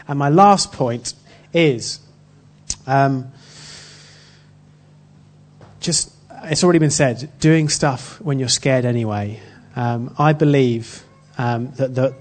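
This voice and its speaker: A man giving an informal sermon built around a personal story, earnest and halting, with frequent restarts. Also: medium pitch, darkish tone. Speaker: church speaker.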